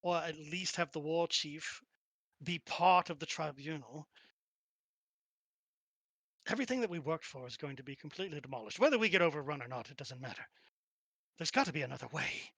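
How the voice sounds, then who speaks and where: A tired, hard-pressed elven commander woman argues her case with weary sighs, as a male game master voices her. The delivery is soft and strained, in a plainly everyday voice. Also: fairly high pitch, lively intonation, brisk, long pauses, dry recording. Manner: sighing, tired, pleading.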